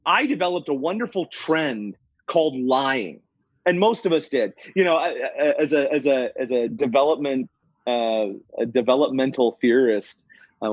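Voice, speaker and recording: Husky-voiced man, reflective storyteller. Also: medium pitch, a little mellow, dry recording, muffled recording. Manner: reflective, storytelling, laughs often, frequent restarts. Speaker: podcast guest, former psychotherapist. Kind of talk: casual conversational interview.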